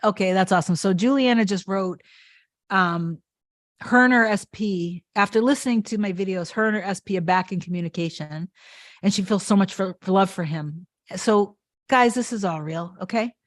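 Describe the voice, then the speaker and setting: A woman's voice: mid-range voice, normal speed, dry recording, studio quality. Emotional woman coach on a live stream. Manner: earnest, reads viewer comments aloud; emotional, warm-hearted. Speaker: manifestation coach.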